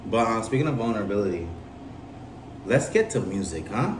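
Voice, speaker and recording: A man's voice: lowish voice, a little fast. A young adult man co-hosting a podcast in slangy, joking, casual chat. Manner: slangy, joking, animated banter. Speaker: podcast co-host. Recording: roomy, distant mic, light noise.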